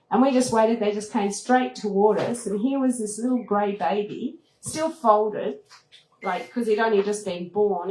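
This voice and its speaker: A travel TV host with a medium-pitched voice tells a story to a retreat audience in an event room, lively, laughing often, and squealing as she acts out moments. The hall echoes, and a little hiss or hum is present.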